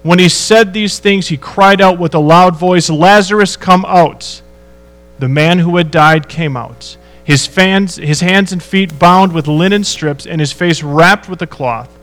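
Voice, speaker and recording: A man's voice: a little high, a little slow, fairly bright tone, soft background music, poor audio. A man preaching a sermon in a church, reading scripture and asking the congregation rhetorical questions in a conversational way. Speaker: pastor.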